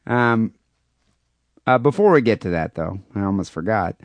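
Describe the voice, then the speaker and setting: A man's voice: fairly low pitch, lively intonation, normal speed, dry recording. A man co-hosting a podcast in crude, joking casual chat, often restarting words. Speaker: podcast co-host.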